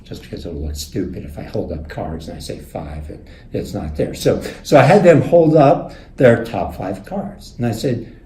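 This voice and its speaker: A male instructor gives a recorded lesson on leadership, chatty and animated. His low, mellow voice rises and falls a lot. A roomy echo hangs on every word. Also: normal speed, a little hiss or hum. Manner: animated, conversational, acts out quotes. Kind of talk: recorded lecture with storytelling. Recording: echoey room.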